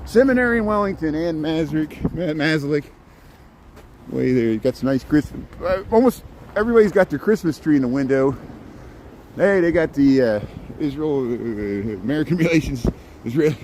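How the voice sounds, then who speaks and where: A man's voice: mid-range voice, lively intonation, moderate pace, dark tone. A middle-aged man walking city streets at night, chatting to his phone camera in a rambling way with many restarts. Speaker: walking vlogger. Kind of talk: casual walking commentary. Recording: faint street and traffic noise.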